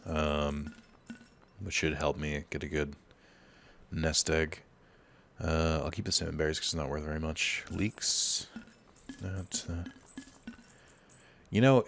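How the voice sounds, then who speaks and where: Deep-voiced male gamer, casual rambling commentary, heavy fillers. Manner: rambling, filler-heavy, storytelling while playing. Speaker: let's play host.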